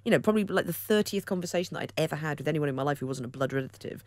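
A woman from Wolverhampton tells stories at a rapid clip, quick and self-mocking. She sits at a studio microphone in a dry, close radio booth, with no room sound around her. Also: low voice, expressive, a little mellow, no room sound. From Wolverhampton, England. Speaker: guest. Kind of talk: casual radio interview chat.

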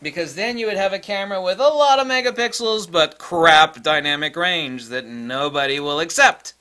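Middle-aged guy hosting a camera vlog, blunt and emphatic, kinda high voice. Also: moderate pace. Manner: emphatic, repeats key numbers, blunt and animated. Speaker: photography video host. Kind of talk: emphatic solo tech rant.

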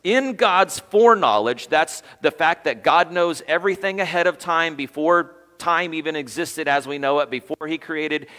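A man's voice: a little high, steady tone, normal speed, few pauses, bright, forceful tone. Man preaching a conversational sermon in a reverberant hall. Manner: conversational, quizzes the congregation. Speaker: pastor. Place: church sanctuary.

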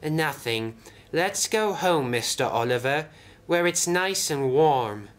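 A man's voice: expressive, slow. A man voicing a polite, fretful little male brake van in a toy train story. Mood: meek. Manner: anxious, very polite, high and breathy.

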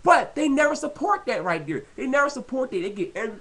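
A man's voice: high voice, sing-song, brisk, few pauses, a bit bright. A man vlogging a heated, rambling rant, filling his talk with "you know" and repeating himself. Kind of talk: casual rant to camera.

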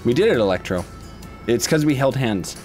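A man hosting a let's-play video, giving excitable, jokey gameplay commentary and yelling and laughing along with friends. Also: mid-range voice, moderate pace, soft background music. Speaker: gaming channel host.

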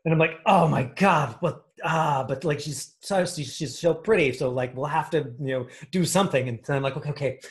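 A man's voice: fairly high pitch, fairly quick, hardly any pauses. A man coaching an acting class, talking in a rambling way with many fillers and restarts.

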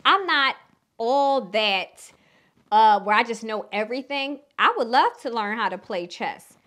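A woman with a Philadelphia accent and a hint of Southern twang gives relationship advice in a casual vlog. Her voice sits a bit high for a woman. She talks frankly and bluntly, with the odd curse word. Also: lively intonation, measured pace, a bit bright. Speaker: relationship coach.

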